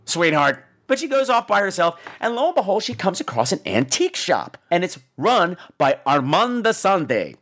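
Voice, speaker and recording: A man hosts a podcast and rants through a bad-movie review with profane sarcasm. His voice sits high and swings widely in pitch, animated throughout. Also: moderate pace, few pauses. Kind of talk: comedic movie-review rant.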